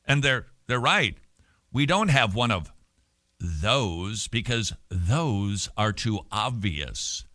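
A man hosting a radio talk show, talking with energy and animation and dropping quick joking asides. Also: medium pitch, animated, pushed and bright, dry recording, studio quality.

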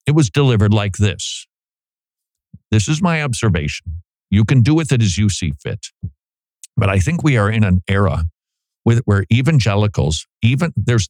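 A middle-aged man, a pastor, giving a folksy, animated commentary with frequent restarts on a close studio mic. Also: fairly low pitch, moderate pace, no echo. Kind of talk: conversational commentary monologue.

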